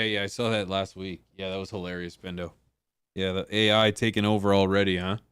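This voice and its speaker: Smooth-voiced man muttering through tech trouble. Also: on the low side, no room sound. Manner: laughing, muttering to himself while fixing tech. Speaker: livestream host. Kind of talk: casual livestream chat.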